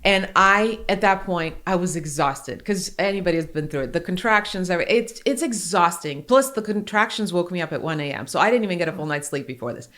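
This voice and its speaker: A woman in her forties hosting a podcast, talking candidly and earnestly, with quick laughs between heartfelt points. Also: on the low side, lively intonation, fairly bright tone. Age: 40s. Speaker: podcast host.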